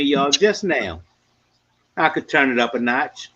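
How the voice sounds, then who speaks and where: A man's voice: mid-range voice, lively intonation, a little slow, bright, forceful tone. Emphatic man, dull lo-fi sound. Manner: emphatic, preachy, sports analogies, addresses the audience. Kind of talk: live podcast commentary.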